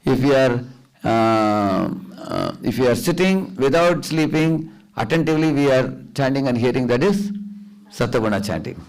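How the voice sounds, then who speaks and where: A man's voice: medium pitch, lively intonation, normal speed, vocal fry. A man giving a devotional lecture in a temple hall, instructing the audience and often asking them to confirm. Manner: instructive, asks the audience for agreement, chants the mantra aloud to demonstrate. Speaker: visiting preacher.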